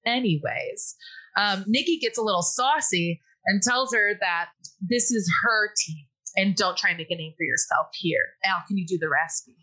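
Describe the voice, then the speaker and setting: Bright-voiced woman recapping a movie. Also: mid-range voice, breathy edge, poor audio. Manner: chatty, laughs often, acts out lines in quick impressions. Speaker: podcast host recapping a movie. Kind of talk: casual chat.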